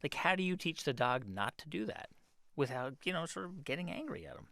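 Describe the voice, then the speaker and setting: A man's voice: fairly high pitch, very animated, brisk, gravelly, fairly bright tone, no room sound, clean studio sound. A man hosting a radio program, narrating and interviewing a guest in a conversational, probing way. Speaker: radio host.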